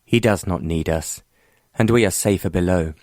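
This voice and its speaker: A man's voice: sits low, moderate pace, dry recording, clean studio sound, close to an everyday voice. A man playing a mild, wry earl. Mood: quiet firm. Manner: mild, wry, stubbornly calm. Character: mild, wry former naval officer earl.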